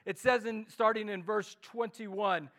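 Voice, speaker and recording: A man with a Midwestern American accent preaching an earnest sermon at a church service, repeating words and rising to loud pleas. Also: high-pitched, fairly even intonation, measured pace. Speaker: pastor.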